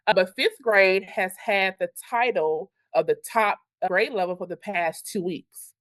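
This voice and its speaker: A woman teacher, telling animated stories in a podcast interview and acting out what her students say. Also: medium pitch, a little slow, no room sound. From Louisiana. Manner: animated storyteller, acts out quotes from kids. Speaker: elementary school teacher.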